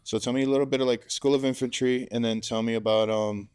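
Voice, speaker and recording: Marine vet podcast host, low-key, dry close sound, kinda halting. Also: male voice, fairly even intonation, darkish tone, smooth, dry recording. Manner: laid-back, searching for words. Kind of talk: interview questions.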